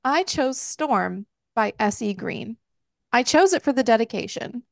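A woman's voice: on the high side, lively intonation, normal speed, vocal fry, darkish tone, no echo. A woman co-hosting a podcast, casually recapping a book in a chatty way, swearing freely and laughing as she goes. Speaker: podcast co-host. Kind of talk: casual book review chat.

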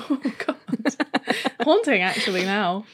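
Wry woman trading quick comebacks. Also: medium pitch, big pitch swings, a bit bright, breathy edge. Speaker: podcast co-host. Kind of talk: casual chat.

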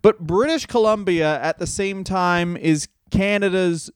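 A man's voice: high-pitched, a little slow, smooth. A man co-hosting a comedy podcast, telling stories in a sarcastic, profane, casual way. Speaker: podcast co-host.

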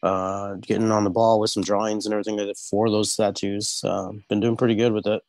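A man tattoo artist joins a podcast over a video call, sounding stuffed up from a cold. He talks in a relaxed, rambling way, padding his sentences with fillers, and his voice sits fairly low. The sound is dry and close. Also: brisk, dry recording. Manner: laid-back, heavy on fillers like "stuff like that". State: congested, under the weather. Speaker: tattoo artist, regular guest. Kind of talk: casual podcast chat.

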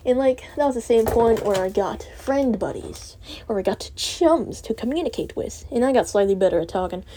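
A woman's voice: mid-range voice, warm tone, slight background noise. A teenage girl rambling through a monologue with lots of filler words and swearing, putting herself down as she talks. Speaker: student vlogger.

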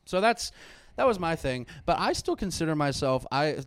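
Animated young man telling a story. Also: a little high, normal speed, clear, resonant tone, no room sound. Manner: animated, swearing, acts out quoted voices. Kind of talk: casual storytelling chat.

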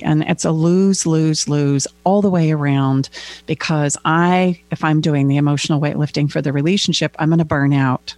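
A woman's voice: low voice, steady tone, moderate pace, a little mellow, no echo. A woman co-hosting a casual discussion as a relationship coach, explaining her ideas and often tagging her sentences with "right?".

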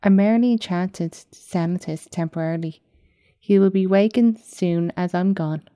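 A self-assured enchantress who shifts into a wolf speaks calmly and cryptically, with a faint mocking edge, as a woman reads her part. The voice is low and mellow, recorded close and dry. She stays composed. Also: normal speed, no room sound, lightly acted. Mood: calm, smug. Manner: calm, cryptic, mildly mocking. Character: calm, smug female enchantress, wolf shapeshifter.

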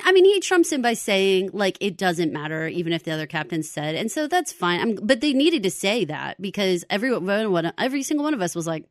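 A woman co-hosting a podcast, chatting casually about a show in an animated, exclamatory way and laughing often. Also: on the high side, no room sound, studio quality. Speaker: podcast co-host. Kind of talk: casual chat reviewing a show.

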